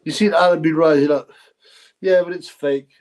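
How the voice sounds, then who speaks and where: Man, live-stream host, casual rambling chat, slightly high voice. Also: steady tone, normal speed, darkish tone. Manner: rambling, repeats phrases, effusively thanks donors. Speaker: livestream host reading donations.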